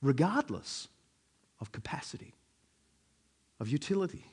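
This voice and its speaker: A man's voice: fairly high pitch, very animated, a little slow, darkish tone, breathy edge. A man preaching a sermon in a conversational way, with frequent fillers.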